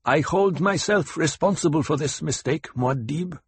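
A man's voice: on the high side, moderate pace, husky, dry recording, pitched above the performer's own voice. A man reading an audiobook, voicing a loyal desert warrior lieutenant who reports formally to his leader. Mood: dutiful. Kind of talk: audiobook character voice.

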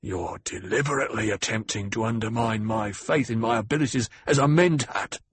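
A man voicing a proud, prickly older security chief who talks in a clipped, defensive, growling way with a raspy voice. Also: lowish voice, a little fast, no room sound. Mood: stiff, defensive. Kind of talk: audiobook character voice.

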